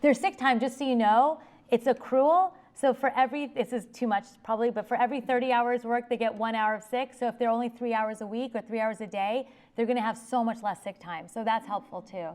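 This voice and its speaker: A woman attorney giving an informal talk and taking audience questions, talking fast and restarting her sentences often. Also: a little high, steady tone, a little mellow. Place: public library meeting room.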